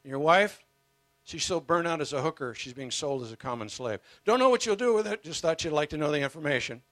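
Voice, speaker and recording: A man's voice: fairly high pitch, lively intonation, a little fast, a bit bright, no echo. A man voicing a blunt, offhand male messenger who delivers bad news in a retold story.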